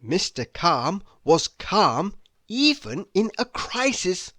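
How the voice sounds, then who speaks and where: A man reading a children's picture book aloud in a slow, expressive storytelling voice. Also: high voice, no room sound, clean studio sound. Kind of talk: children's read-aloud narration.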